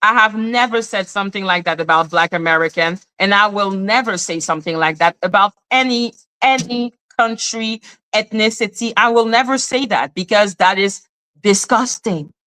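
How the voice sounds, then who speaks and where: A woman hosts a live stream and vents in an indignant, profane rant, hammering the same points again and again. Her voice is bright and forceful, with a hard edge on the stressed words. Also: mid-range voice, moderate pace, clean tone. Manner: indignant, profane ranting with repeated phrases. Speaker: livestream host. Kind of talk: heated live commentary. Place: in Canada.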